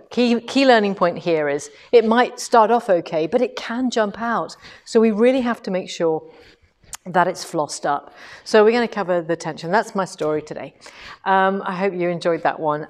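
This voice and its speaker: A woman who runs a quilting shop, teaching a live-streamed lesson from her showroom and telling stories about her own mistakes, laughing at herself. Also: medium pitch. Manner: chatty storytelling, self-deprecating, laughs at herself.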